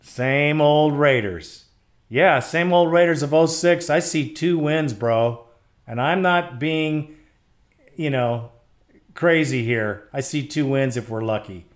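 A man's voice: fairly high pitch, slow pace. A man hosting a fan call-in podcast, answering callers in a casual, laid-back way. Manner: casual, laid-back, calls listeners bro. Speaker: podcast host.

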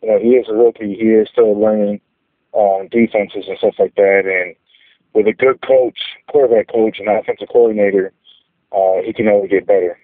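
A man's voice: lowish voice, steady tone, moderate pace, dry recording. A man from North Carolina calling in, giving his earnest take on the team with frequent hesitations. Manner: earnest fan analysis with hesitations. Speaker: caller. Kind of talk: call-in comment. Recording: tinny phone line.

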